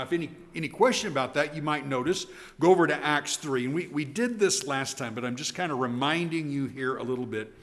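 Animated man teaching in a reverberant hall. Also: a little high. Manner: animated, emphatic, with frequent restarts and fillers. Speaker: Bible teacher. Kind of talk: evening Bible class teaching.

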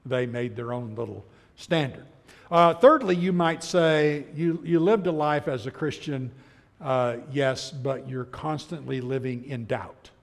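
A middle-aged man teaching a Bible class, telling stories in an animated way and acting out the voices he quotes. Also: mid-range voice, a little slow, creaky. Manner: chuckles as he talks. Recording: long hall reverb.

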